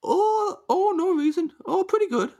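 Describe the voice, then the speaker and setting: A man's voice: very high voice, lively intonation, normal speed, a little mellow, voice pushed up. A man voicing a folksy, cheerful Midwestern man with a Fargo accent, drawing out his words in a sing-song way and repeating himself. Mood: folksy, chipper. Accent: Fargo, North Dakota.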